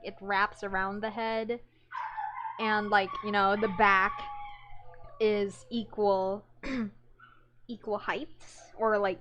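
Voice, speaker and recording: A woman giving casual reaction commentary as a fan, excitable and rambling, often restarting her words. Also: mid-range voice, background noise.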